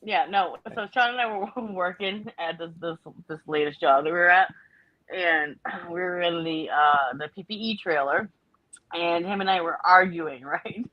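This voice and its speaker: A woman's voice: on the low side, moderate pace, no room sound, dull audio. A woman from the Northeast telling a story in casual chat, swearing freely and acting out what people said. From Northeastern United States. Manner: swearing, storytelling, animated quotes.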